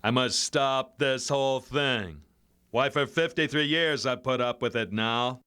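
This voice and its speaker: A man putting on a slow, gruff cowboy drawl to read a villain's lines. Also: mid-range voice, sharp tone. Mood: menacing.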